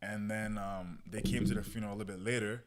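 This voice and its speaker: Young man, podcast guest, low voice, rapid delivery, slangy, casual storytelling. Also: steady tone. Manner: slangy, peppered with "bro" and "yo"; relives moments through quoted self-talk.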